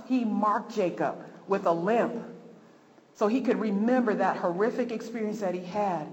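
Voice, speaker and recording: A woman preacher delivering a fervent sermon, repeating phrases for emphasis. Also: medium pitch. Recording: long hall reverb, faint noise.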